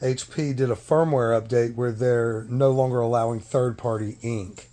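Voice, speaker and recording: A man with a voice of ordinary pitch complains in a casual vlog. He talks firmly and emphatically, repeating points for stress. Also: fairly even intonation, moderate pace, warm tone.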